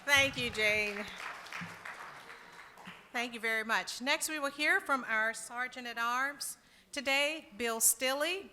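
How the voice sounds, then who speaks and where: A woman's voice: high-pitched, slow, pauses often, bright, forceful tone, a faint crowd. A woman leading a club meeting, announcing the program and speakers in turn. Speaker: meeting leader. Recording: echoey hall.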